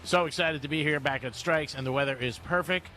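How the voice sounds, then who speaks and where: A man's voice: on the high side, a little fast, sharp tone, slight background noise. Rambling male radio host at a remote. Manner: rambling storyteller, laughs often. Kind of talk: casual radio chat. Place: cigar lounge, live remote broadcast.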